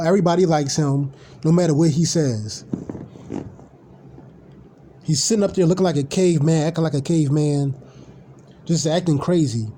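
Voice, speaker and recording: A man's voice: a little high, dark tone, slight background noise. A man ranting casually on a live stream, blunt, profane and rambling.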